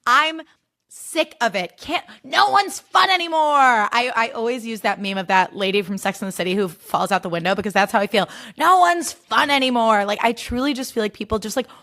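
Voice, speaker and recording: A young woman talks alone on her podcast, loose and chatty. She swings between gushing and ranting and swears freely, with an easy, everyday middle pitch. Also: fairly quick. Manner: animated, profane, gushing and ranting. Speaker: podcast host. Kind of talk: casual solo podcast chat.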